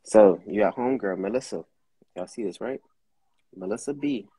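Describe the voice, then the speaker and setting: A man's voice: fairly low pitch, normal speed, dark tone, breathy edge, no echo, poor audio. A young man telling a story casually on a livestream, slangy and profane. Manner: profane, laid-back, slangy. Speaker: car rental host.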